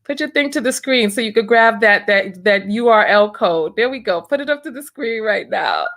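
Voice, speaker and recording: High-voiced woman laughing through a livestream. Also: animated, normal speed, fairly bright tone. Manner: laughs often, exclaims "oh my Lord" and "have mercy". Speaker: livestream host. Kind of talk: casual livestream chat reading donations.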